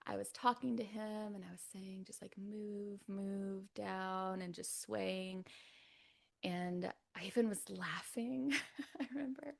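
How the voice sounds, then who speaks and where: A woman from California, USA, guests on a podcast and tells her birth story in a casual, chatty way. Her voice is medium-pitched and creaky, and she's soft-spoken, often dropping to a near-whisper and laughing between lines full of "like."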